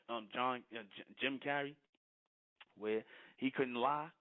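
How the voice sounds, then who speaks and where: A man preaching to followers, repeating his points and often asking whether listeners understand. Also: a little high. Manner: repetitive, keeps asking "you understand?". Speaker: spiritual teacher. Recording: thin phone-like lo-fi audio.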